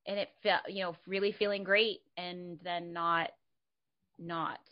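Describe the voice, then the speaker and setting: A woman actor chatting casually, animated and candid, acting out her own past reactions and swearing freely. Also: on the low side, measured pace. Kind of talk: casual conversation. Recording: dull lo-fi sound.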